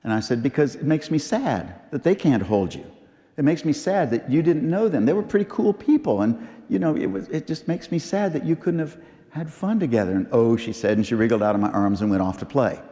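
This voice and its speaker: Man, middle-aged, preaching, storytelling, repeated lines, mellow voice, church reverb. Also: mid-range voice, very animated. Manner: storytelling, repeats phrases, slow emphatic pauses. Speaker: pastor. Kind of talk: memorial sermon. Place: large church.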